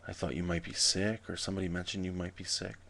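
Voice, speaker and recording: Man doing a country pastor, earnest, concerned, low voice, gravelly. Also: little pitch movement, quick pace, a bit bright, exaggerated voice.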